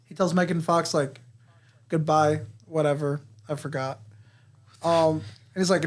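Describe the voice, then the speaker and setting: A man's voice: on the high side, fairly even intonation, normal speed. Rambling, swearing podcast co-host man. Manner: rambling plot recap with swearing and laughs. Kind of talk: casual movie review chat.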